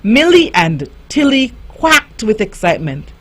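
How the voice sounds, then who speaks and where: A woman reading a children's story aloud, slow and expressive, giving the characters their own voices. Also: medium pitch. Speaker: youth radio host.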